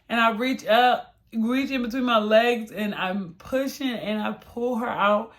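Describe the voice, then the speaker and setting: Animated woman with a fairly high voice. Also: a little slow. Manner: animated, chatty, laughs often; acts out quotes in a higher voice. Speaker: vlogger. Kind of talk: personal storytime.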